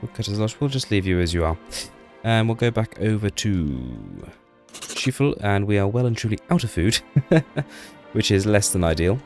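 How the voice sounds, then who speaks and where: A deep-voiced man gives casual commentary over his own gameplay, chatty and self-deprecating. He talks to the little people on screen as he goes, with faint music underneath. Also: sing-song, moderate pace, darkish tone.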